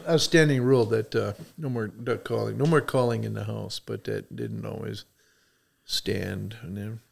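Rich: A middle-aged man from Michigan with a very gravelly, creaky voice that sits low. He talks in a folksy, rambling way, filling his stories with "uh" and restarts, like a relaxed podcast guest. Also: unhurried. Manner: folksy, rambling, many fillers. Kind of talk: casual storytelling chat.

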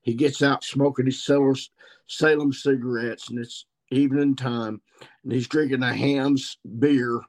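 A man in his sixties speaks in a thick Missouri Ozarks accent, with a middle-pitched voice. He is a podcast guest who tells long, rambling stories in a folksy country manner, circling back to pick up his thread. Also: fairly even intonation, measured pace, darkish tone. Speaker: guest turkey hunter. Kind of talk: podcast storytelling.

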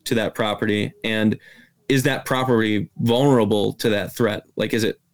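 A man's voice: fairly low pitch, fairly even intonation, normal speed. A man, a guest hunter in a casual podcast interview, explaining his approach step by step.

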